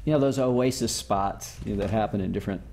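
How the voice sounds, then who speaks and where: Mellow man telling stories. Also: on the low side, quick pace, gravelly, slight background noise. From Southern United States. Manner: rambling, loose, lots of "you know" and "like". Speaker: interview guest, former musician. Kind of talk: casual storytelling.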